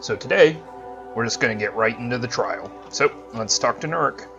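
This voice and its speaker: A man's voice: medium pitch, expressive, moderate pace, over music. Man chatting over a video game. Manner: chatty, friendly. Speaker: let's play host. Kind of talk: casual game commentary. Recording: slightly dull, muffled recording.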